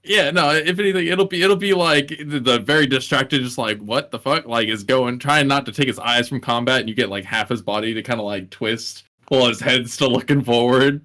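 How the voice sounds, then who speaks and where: Bright, rambling man player. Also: mid-range voice, brisk, hardly any pauses. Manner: laughing, rambling, animated. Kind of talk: casual tabletop game chat.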